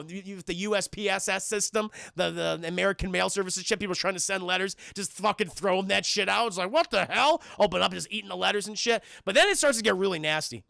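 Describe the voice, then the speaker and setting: A man's voice: high voice, vocal fry, bright, forceful tone, dry recording, clean studio sound. A young man recapping a film on a live stream, swearing freely and constantly addressing his chat.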